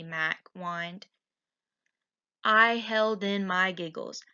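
Slow, bright-voiced woman reading a picture book aloud. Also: on the low side, smooth. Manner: slow and expressive. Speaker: teacher. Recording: dull lo-fi recording.

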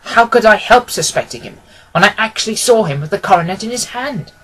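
A man reading aloud who voices a stern, stubborn older banker speaking emphatically in a husky voice. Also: high voice, animated, fairly quick, fairly bright tone, voice pushed up, low-quality recording. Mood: insistent. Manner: emphatic, insistent.

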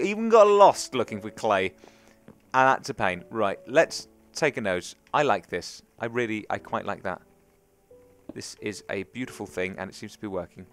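With a medium pitch and a bit of brightness, a young adult English gamer narrates a relaxed let's play. He chats, rambles, and talks to himself while playing.

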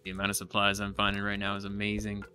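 A man giving casual let's-play commentary, excitable and thinking aloud as he explores, now and then poking fun at himself. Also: on the low side, fast talker. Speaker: gaming YouTuber.

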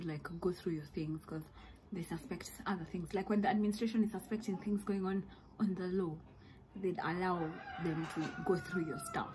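A young woman with a Kenyan accent telling a story to camera as a vlogger, animated and dramatic, mixing in Swahili slang. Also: fairly low pitch, a little hiss or hum, low-quality recording. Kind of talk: storytime monologue.

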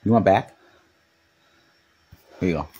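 A laid-back man chats casually beside the host, his voice somewhat low and husky. He drops casual swears and easy agreement into the talk. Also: unhurried, dark tone, muffled recording. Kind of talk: casual chat.

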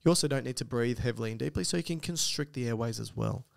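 A quick-paced, creaky male voice in the mid range carries an Australian accent. As a podcast co-host, he chats loosely, reads listener emails, and slips joking remarks into his explanations.

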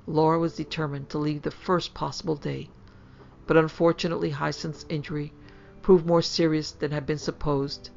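A woman narrating a ghost story for a podcast, in a measured, steady storytelling voice. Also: low voice, gravelly, lo-fi sound, slight background noise.

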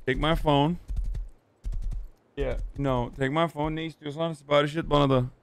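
A man's voice: fairly high pitch, fairly even intonation, measured pace, smooth. A man in his thirties streaming a game roleplay, with loose, profane, joking banter.

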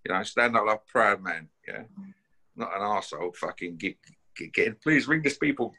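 A bare-knuckle fighter with a low, brisk, sharp-toned voice issues a confrontational call-out to camera. He's blunt and full of swearing, constantly tagging sentences with "yeah?" and "mate".

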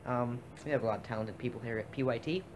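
A man's voice: mid-range voice, quick pace, darkish tone, a little hiss or hum. A man hosting a casual vlog, upbeat and chatty, talking straight to his viewers. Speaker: vlog host.

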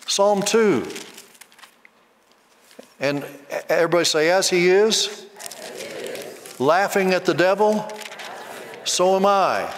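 A man preaching a sermon, repeating phrases emphatically and leading the congregation in call-and-response. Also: high voice. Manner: leads the congregation in call-and-response and rhythmic mock laughter. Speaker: Bible college teacher preaching. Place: large church hall before a congregation. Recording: long reverb of a large hall.

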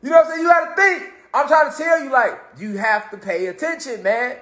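A man giving a casual motivational talk, animated and slangy, swearing freely and swinging between loud and soft. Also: very high voice, a little fast. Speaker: motivational speaker. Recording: roomy echo.

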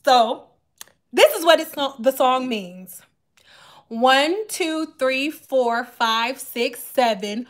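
Woman, thirties, high voice, chatty, joking, casual vlog talk. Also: lively intonation, very slow. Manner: chatty and joking, talks straight to viewers. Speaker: vlogger. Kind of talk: casual chat to viewers while doing hair.

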